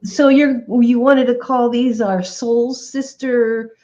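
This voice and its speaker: A woman's voice: on the high side, fairly even intonation, slow pace, warm tone. A woman joining a crafting stream over a video call, chatting casually. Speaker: co-host crafting friend. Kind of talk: casual chat. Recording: dull lo-fi video call audio.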